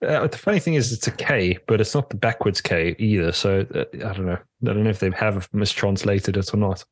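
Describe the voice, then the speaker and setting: A man's voice: fairly low pitch, fairly quick, husky, no echo. A man co-hosting a podcast in casual chat, talking hesitantly with many ums and restarts. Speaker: podcast co-host.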